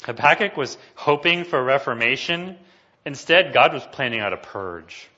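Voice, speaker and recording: Bright-voiced male preacher, muffled sound. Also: mid-range voice, lively intonation, moderate pace. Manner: emphatic, rising to loud declamation when reading scripture. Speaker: pastor. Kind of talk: sermon.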